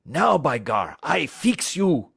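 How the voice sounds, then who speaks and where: A man voicing an excitable, rough French-Canadian dog driver in an audiobook, with a heavy French accent and shouted exclamations. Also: mid-range voice, takes it slowly, dry recording, studio quality, voice pushed up, full character voice. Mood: angry. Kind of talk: audiobook character voice.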